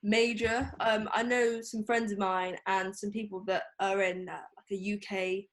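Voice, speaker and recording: A woman's voice: medium pitch, flat delivery, measured pace. A young woman, a photographer speaking as a guest in a casual interview, chatty and full of fillers. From England. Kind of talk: casual interview over a call.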